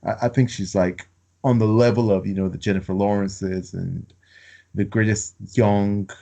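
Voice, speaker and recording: A man co-hosting a podcast, rambling in casual film chat with many fillers and halting restarts. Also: fairly low pitch, fairly even intonation, gravelly, warm tone. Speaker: podcast co-host.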